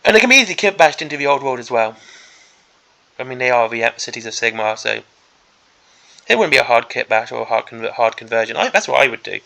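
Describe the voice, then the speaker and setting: A man's voice: mid-range voice, big pitch swings, fast, creaky, pushed and bright. A man hosting a miniatures hobby channel, giving an exasperated, sarcastic ranting commentary on a product preview.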